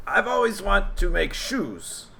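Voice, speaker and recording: A man voicing a weary male goblin villager who speaks in broken, halting English. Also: high voice, big pitch swings, creaky, bright, forceful tone, slight background noise, pitched above the performer's own voice, exaggerated voice. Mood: wistful.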